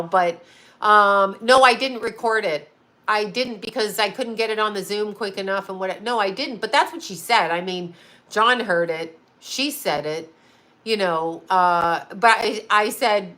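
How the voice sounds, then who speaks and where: A woman's voice: mid-range voice, bright, forceful tone. A middle-aged woman, host of her own channel, talking casually in a rambling, emotional way and swearing freely. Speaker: psychic medium and channel host. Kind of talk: casual livestream chat.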